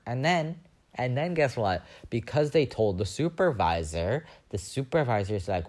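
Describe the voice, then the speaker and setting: A man's voice: fairly low pitch, measured pace. A young man hosting a podcast, telling a rambling story in a casual monologue and acting out the other people's voices. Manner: animated, rambling, acts out quoted voices. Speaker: podcast host.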